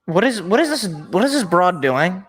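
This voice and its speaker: Hosting a sports show live, a young man with a bright, high voice reacts with exasperated sarcasm, rambling from one gripe to the next. He's very animated, speaks at a moderate pace, and sounds slightly rough.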